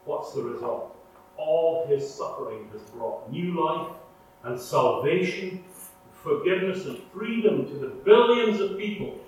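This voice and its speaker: A man's voice: a little high, lively intonation, measured pace, highs cut off. Echoey, distant male preacher. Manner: earnest, dramatic shifts between loud emphasis and hushed prayer. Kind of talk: sermon. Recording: echoey room, mic far off, faint hum.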